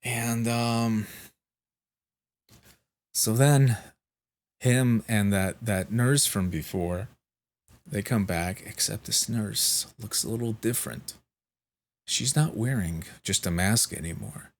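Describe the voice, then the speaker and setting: Slow, low-voiced man telling a story. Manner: swears freely, halting restarts. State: sleep-deprived. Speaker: vlogger. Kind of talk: rambling casual storytelling.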